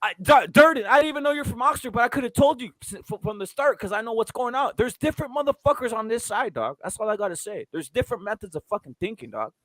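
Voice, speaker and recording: A man's voice: extremely high pitch, animated, quick pace, few pauses, fairly bright tone, dry recording. A man hosting a casual boxing chat stream, ranting with lots of swearing and repetition. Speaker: host.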